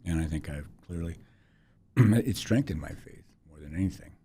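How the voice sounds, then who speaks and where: A man in his sixties, a podcast guest telling a personal story in a halting, reflective way with many restarts. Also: low-pitched, animated, mellow, a little hiss or hum. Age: 60s.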